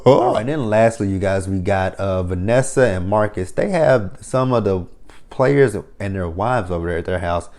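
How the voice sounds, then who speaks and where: A man's voice: fairly low pitch, moderate pace, darkish tone. A man giving a casual, sarcastic and profane recap of a TV episode, talking straight to his viewers. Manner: sarcastic, profane running commentary. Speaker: TV episode reviewer.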